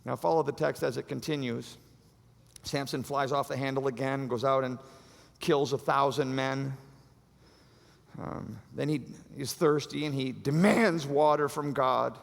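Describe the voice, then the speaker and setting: A man preaching a sermon as pastor, animated and acting out the voices of the story. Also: medium pitch, unhurried, vocal fry. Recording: long hall reverb.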